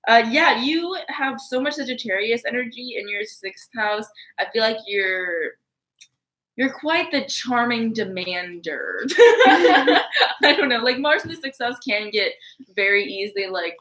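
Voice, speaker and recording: A teasing young woman reads her friend's chart in a loose, giggly way, with quick asides. Her voice is bright and fairly high. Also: lively intonation. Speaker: astrologer co-host. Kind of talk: casual chat.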